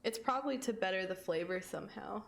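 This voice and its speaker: Speaking fast with vocal fry and a fairly bright tone at medium pitch, a young woman livestreams a game. She chats casually and gigglingly with her viewers, swearing freely.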